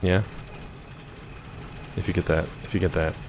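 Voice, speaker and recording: An American man with a hoarse, gravelly voice from a week of yelling, chatting casually while streaming a game and reading chat. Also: sits low, little pitch movement, moderate pace, background noise. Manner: rambling, jokey, reads chat aloud.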